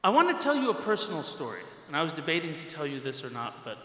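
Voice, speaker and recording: A middle-aged man giving a Friday sermon, telling a personal story in an animated way and speaking straight to the congregation. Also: fairly high pitch, quick pace. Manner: animated storyteller who addresses the congregation directly. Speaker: preacher. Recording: echoey hall with long reverb.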